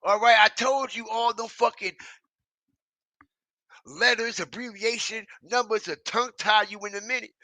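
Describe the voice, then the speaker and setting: A man's voice: high voice, steady tone, normal speed, sharp tone, no echo. A man giving a ranting online commentary, emphatic and profane, repeating himself and checking in with his listeners. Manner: emphatic, repetitive, keeps checking in with the audience; profane and mocking.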